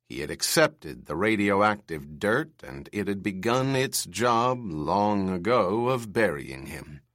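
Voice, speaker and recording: A man narrating an audiobook with a slow, deliberate pace. His mid-pitched voice moves through lively, wide-ranging intonation, and the recording is close and dry, with no room sound. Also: dry recording. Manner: measured, expressive storytelling.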